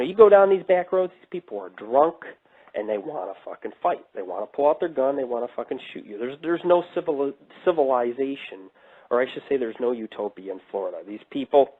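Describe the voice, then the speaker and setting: A man from New York, a paranormal investigator hosting a radio show, ranting brashly and swearing in a casual monologue. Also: mid-range voice. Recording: tinny phone-like radio line.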